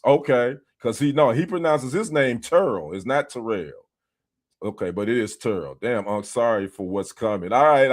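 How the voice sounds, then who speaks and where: A man from the United States hosting a casual sports livestream, greeting viewers by name and trading teasing banter with the chat. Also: mid-range voice. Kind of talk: casual live-stream chat. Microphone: streaming setup.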